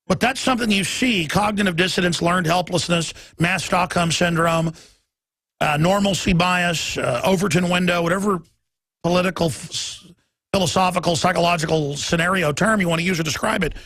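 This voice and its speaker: A man's voice: sits high, moderate pace, fairly bright tone, no echo. A man hosting a talk radio show, delivering a heated, emphatic monologue and stumbling over repeated words as he pushes his point.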